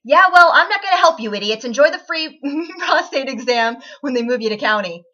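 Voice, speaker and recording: A woman reading as a vain, self-important grown man who brushes everyone off with haughty disdain. The voice is bright and a little high for the part, read aloud from fan fiction over dull, lo-fi home audio. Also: lively intonation, a little fast. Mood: dismissive. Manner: haughty, dismissive.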